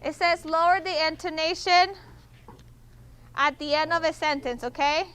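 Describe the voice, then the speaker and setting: A woman's voice: high voice, steady tone, normal speed, fairly bright tone. A woman teaching a Spanish class, patient, checking often that students follow. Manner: patient, repeats and checks understanding with "okay?".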